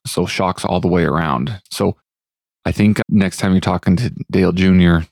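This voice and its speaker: A man co-hosting a casual podcast, reading out listener tips in an easygoing way with fillers and pauses. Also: low voice, creaky, darkish tone, no room sound, studio quality. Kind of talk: casual chat.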